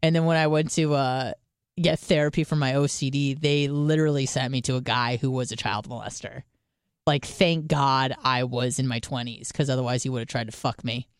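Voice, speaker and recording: A woman's voice: extremely low pitch, a little fast, smooth, no room sound, studio quality. A woman co-hosting a podcast, telling a story in casual comedic style, swearing freely and acting out both sides of the dialogue. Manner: animated, profane, acts out both sides of dialogue. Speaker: podcast co-host.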